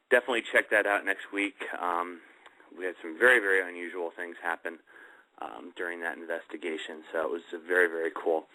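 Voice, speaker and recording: Bright, rambling male radio host. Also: deep voice, low-quality recording. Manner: rambling, many fillers. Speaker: host of a paranormal talk show. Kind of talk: casual radio show talk.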